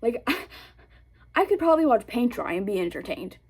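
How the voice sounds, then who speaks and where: A woman's voice: fairly high pitch, very animated, moderate pace, vocal fry, darkish tone, breathy edge. A young woman vlogger chatting casually about films, rambling with lots of fillers and giggles. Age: young adult. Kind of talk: casual chat.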